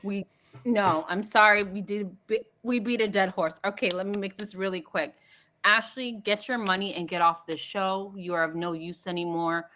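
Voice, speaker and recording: A woman's voice: mid-range voice, fairly even intonation, moderate pace, bright, forceful tone. Fired-up woman caller scolding the cast. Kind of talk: opinionated call-in commentary.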